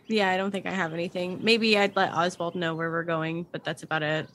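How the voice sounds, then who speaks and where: A woman's voice: on the low side, level tone, a little fast, a bit bright. A woman playing a tabletop game, chatting casually in character and out. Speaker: player.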